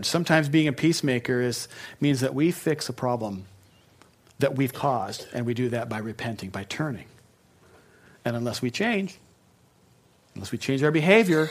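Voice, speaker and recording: A man giving a sermon as a pastor. He talks in a relaxed, conversational way and breaks off for joking asides. His voice sits at an ordinary middle pitch.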